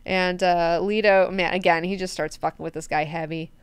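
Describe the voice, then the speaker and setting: A woman hosting a book club in a chatty, animated way with plenty of swearing. Her voice sounds very crisp and clear. The recording is dry and close. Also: fairly low pitch, moderate pace, no room sound. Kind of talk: casual book discussion.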